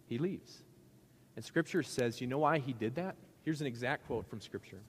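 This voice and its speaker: A man's voice: medium pitch, moderate pace, in a large hall, a little hiss or hum. A male pastor giving a sermon in a conversational, joking way, asking the congregation questions.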